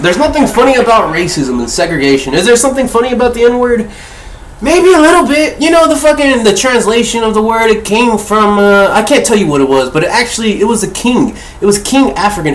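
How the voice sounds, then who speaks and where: A man's voice: high-pitched, a bit bright, slight background noise. A man hosting a casual book discussion, rambling and swearing freely as he corrects himself mid-thought. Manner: profane, rambling, self-correcting. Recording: echoey room.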